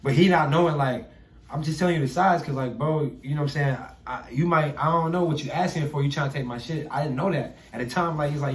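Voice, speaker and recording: A young man telling a story in a casual chat, animated, swearing and acting out the people he quotes. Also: a little high, fast. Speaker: podcast guest, artist. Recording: roomy echo.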